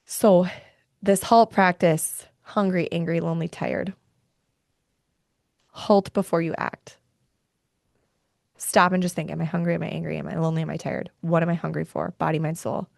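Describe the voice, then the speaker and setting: A young woman with a low, gravelly voice speaks earnestly about faith and rest. She talks straight to her listeners with heartfelt conviction. The sound is close and dry. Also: little pitch movement, normal speed, long pauses, darkish tone, dry recording. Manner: earnest, heartfelt, gets worked up. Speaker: podcast host. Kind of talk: faith-based wellness talk.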